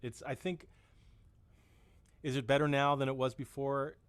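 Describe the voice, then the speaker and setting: A man in his fifties talks as a musician guest, rambling and self-deprecating, often restarting his sentences. His voice sits at an ordinary middle pitch. The recording is close and dry with no room sound. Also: little pitch movement, normal speed, smooth, no echo. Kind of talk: casual chat.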